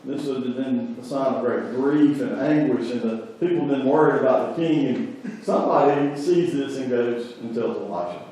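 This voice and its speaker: A pastor preaches in a chatty, animated storytelling style. His voice is mellow and dark. It echoes heavily through a large sanctuary and sounds far from the mic. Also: medium pitch, moderate pace. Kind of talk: sermon. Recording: very echoey church, voice from afar.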